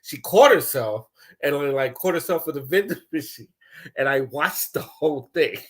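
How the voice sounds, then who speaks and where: A young man ranting casually, telling loose, profane stories with lots of laughter and swings between loud bursts and low mumbles. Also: expressive, normal speed. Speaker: commentator. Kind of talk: casual rant.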